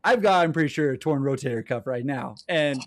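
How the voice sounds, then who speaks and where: A man co-hosting a podcast, telling a story in an animated way with bits of laughter. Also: mid-range voice, a little fast, no echo, clean studio sound. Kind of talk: casual chat, storytelling.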